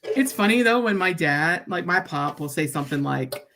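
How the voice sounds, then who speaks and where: A woman's voice: on the low side, lively intonation, normal speed, vocal fry, a bit bright. A woman chatting on a live stream while she cuts paper crafts, blunt and joking, often laughing and tagging her sentences with "right?".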